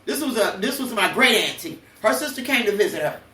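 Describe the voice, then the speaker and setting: A woman's voice: medium pitch, animated, fairly quick, bright, forceful tone, roomy sound, distant mic. An older woman hosting a podcast, telling blunt, preachy personal stories with cursing. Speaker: podcast host. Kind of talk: emotional personal monologue.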